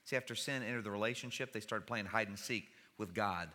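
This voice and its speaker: Bright-voiced man preaching in a reverberant church. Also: on the low side, a little fast. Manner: conversational preaching with wry humor. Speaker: pastor. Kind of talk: sermon. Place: church sanctuary.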